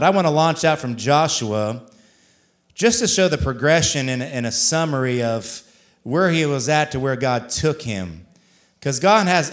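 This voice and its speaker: A male pastor with a fairly high pitch preaches a sermon, reading scripture aloud in a measured cadence. He drives his points home with repeated rhetorical questions.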